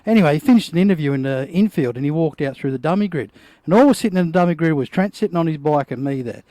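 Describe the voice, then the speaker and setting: A middle-aged Australian man with a slightly high voice, spinning a long anecdote in casual chat. The sound is dry and close, with no room around it. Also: expressive, racing, warm tone, no room sound. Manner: storytelling, acts out quoted voices. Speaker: podcast host.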